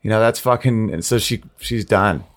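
A man's voice: lowish voice, normal speed. A man hosting a casual podcast chat, mostly agreeing with his guest and sharing a short story of his own. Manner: agreeable, chimes in with short replies.

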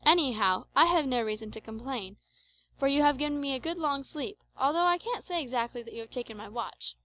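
A woman reading the part of a calm, good-humoured young man who leads his companions, speaking softly and easily. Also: high voice, brisk, rough recording. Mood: amused.

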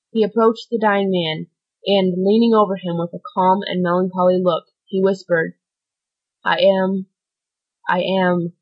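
A woman narrating a classic novel as an audiobook in a steady, measured reading. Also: mid-range voice. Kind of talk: scripted narration. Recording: dull lo-fi recording.

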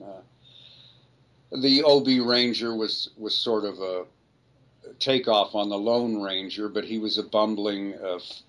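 An older man speaks in a fairly low register, recounting career stories for an interviewer. He wanders and restarts his sentences, piling detail upon detail as he goes. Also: fairly bright tone, poor audio. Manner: rambling, self-correcting storyteller. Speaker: voice actor guest. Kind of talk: anecdotal interview storytelling.

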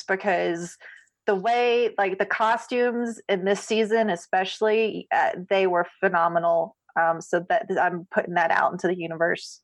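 A woman hosting a casual podcast chat, gushing and quick to laugh. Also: medium pitch, steady tone, no echo. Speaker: podcast host.

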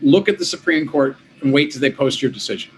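A middle-aged man, an interview guest, telling his story in a lively, conversational way, with quick restarts and quoted voices. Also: a little high, slight background noise, low-quality recording. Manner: animated, quick restarts, quotes himself and others.

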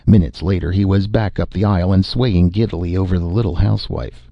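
A man narrating an audiobook in a steady, measured way, on a dull, dry recording. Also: deep voice, creaky, no echo.

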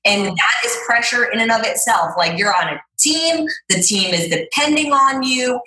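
A woman's voice: fairly high pitch, animated, normal speed, sharp tone. Chatty woman, roomy echo. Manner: chatty, full of "like" fillers. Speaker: guest, fitness trainer. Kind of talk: casual storytelling interview.

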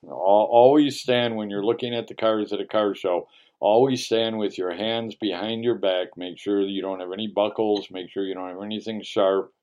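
A man with a low, mellow voice hosts a casual radio chat, telling stories with jokey emphasis. The sound is dull and lo-fi, like an old broadcast. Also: fairly even intonation, normal speed. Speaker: radio show host.

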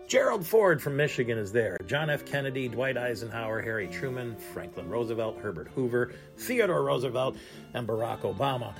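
A man's voice: mid-range voice, animated, a little fast, vocal fry. A man hosting a radio show, telling travel stories in a chatty, casual way with string music playing behind him. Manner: chatty storytelling. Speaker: radio host. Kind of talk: casual talk radio monologue. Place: aboard a cruise ship.

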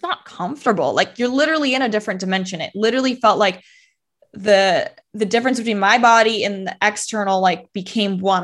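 A woman's voice: mid-range voice, fairly bright tone. A young woman telling a personal story as a podcast guest, talking casually with many fillers and acting out her past thoughts.

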